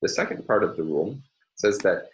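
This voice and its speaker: A man lecturing on phonology in a measured, explanatory way, often pausing with filler sounds. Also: low-pitched, lively intonation, low-quality recording. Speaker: linguistics lecturer. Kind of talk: recorded lecture.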